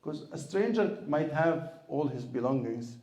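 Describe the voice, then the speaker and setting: An Egyptian imam and Islamic lecturer gives a sermon-style Q&A talk, preaching in a storytelling manner, asking rhetorical questions and chanting verses with rising force. His voice is a little high yet dark in tone, with lively intonation and an unhurried pace. The audio is roomy and poor.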